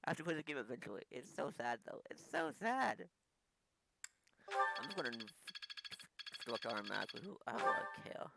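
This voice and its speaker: A man's voice: mid-range voice, animated, quick pace, gravelly, poor audio. A young man commenting on a video game, sounding upset and repeating himself as he rambles. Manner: emotional, repetitive, rambling. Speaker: gaming YouTuber. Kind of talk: let's play commentary. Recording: voice over loud game music. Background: game music.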